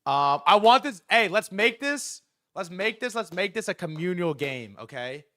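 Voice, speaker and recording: Excitable man with a higher voice. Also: normal speed. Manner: excitable, profane, rambling with fillers. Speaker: livestream host. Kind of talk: casual livestream talk about markets.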